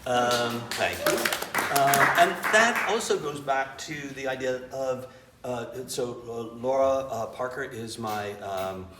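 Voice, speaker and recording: A man, an improv teacher and director, telling animated, self-mocking stories in an interview. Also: mid-range voice, slow pace. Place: theater. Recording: roomy, distant mic with faint noise.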